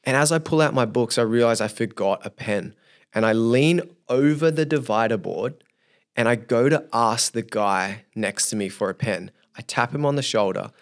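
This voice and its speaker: Speaking at a moderate pace with a medium-pitched voice, this young man is a youth leader guesting on a podcast. He tells his story with animation, voicing his inner thoughts as he goes.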